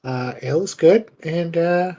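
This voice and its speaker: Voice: mid-range voice, unhurried, mellow, voice pushed up, lightly acted. A player voicing his character, an earnest male investigator, speaking politely.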